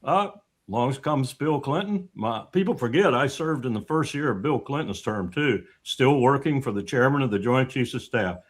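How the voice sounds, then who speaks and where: A man's voice: medium pitch, lively intonation, moderate pace. An older man, a former military staffer, talking bluntly and scornfully as a guest in a political discussion. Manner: blunt and scornful, mocking with put-on voices.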